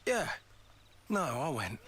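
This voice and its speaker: An actor playing a lively young male soldier who talks in an expressive, reactive way. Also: mid-range voice, slow pace, slight background noise. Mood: weary. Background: game music.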